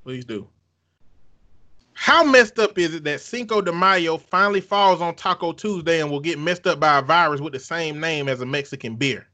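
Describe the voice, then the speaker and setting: A man's voice: on the high side, normal speed, pushed and bright. A man co-hosting a podcast in casual chat, joking, cursing freely and laughing often. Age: adult with children. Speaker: podcast co-host.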